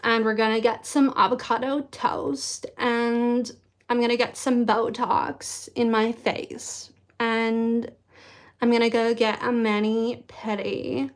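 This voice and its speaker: A woman's voice: a little high, level tone, takes it slowly. Woman putting on a breezy L.A. influencer girl. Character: airy female L.A. influencer, vain and carefree.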